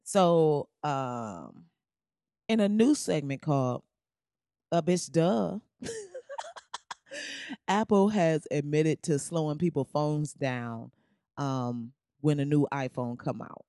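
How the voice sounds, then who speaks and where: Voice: mid-range voice, slow pace, mellow, smooth, dry recording, studio quality. A podcast host giving blunt, profane, sarcastic commentary in a loose ranting style, laughing at their own jokes. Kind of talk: casual opinion commentary.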